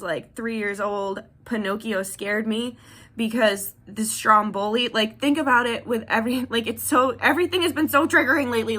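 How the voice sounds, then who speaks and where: A woman's voice: on the high side, pushed and bright. A woman in her thirties telling a personal story to the camera in a candid, rambling way with many fillers. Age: 30s. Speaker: tarot vlogger.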